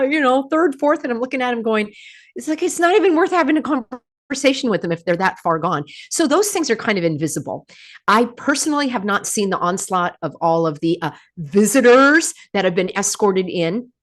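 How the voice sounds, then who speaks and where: Host: American woman, lowish voice, snarky and animated with viewers. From United States. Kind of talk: livestream monologue.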